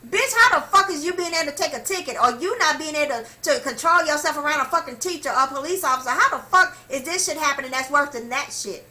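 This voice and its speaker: A woman with a high, bright voice vents to camera in a heated vlog rant. She is blunt and heavily profane and hammers her points by repeating them. She keeps calling out to her viewers directly. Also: lively intonation, fast talker, few pauses, low-quality recording. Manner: talks straight to viewers, calls them y'all. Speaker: vlogger. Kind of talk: impassioned opinion rant to camera.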